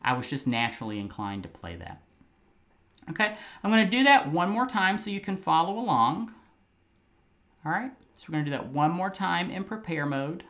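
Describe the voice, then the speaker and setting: A man's voice: on the high side, sing-song, normal speed. A man teaching a piano lesson, patiently explaining rhythm and counting beats aloud while he plays. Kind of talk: music lesson. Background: faint piano playing.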